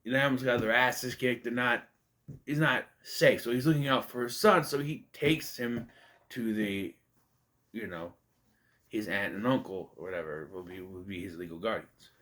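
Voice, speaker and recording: A man's voice: lowish voice, moderate pace, fairly bright tone. A man casually reviewing a movie, rambling and conversational with many fillers and restarts. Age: adult.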